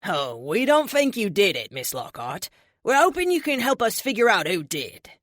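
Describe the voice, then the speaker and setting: A woman's voice: medium pitch, very animated, moderate pace, fairly bright tone, dry recording, clean studio sound, voice pushed up. A woman voicing a courteous British male secret agent with a London accent. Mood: polite.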